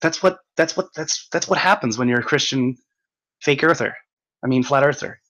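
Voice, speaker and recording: Young male streamer, mid-pitched, reads chat aloud and mocks it, swears, laughs a lot. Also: normal speed, fairly bright tone, low-quality recording. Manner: mocking, exasperated, laughs often, swears. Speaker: livestream host reading chat. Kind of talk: ranting livestream chat.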